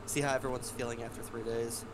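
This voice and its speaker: A man's voice: mid-range voice, flat delivery, quick pace. A young man co-playing a game, dry and practical with mild teasing. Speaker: co-player. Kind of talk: casual gaming banter.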